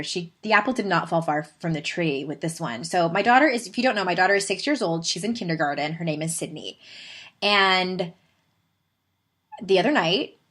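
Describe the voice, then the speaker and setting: A woman in her thirties with a Southern California accent, hosting a podcast and telling a story in a chatty, animated way with laughing asides. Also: on the low side. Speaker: podcast host. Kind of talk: casual storytelling monologue.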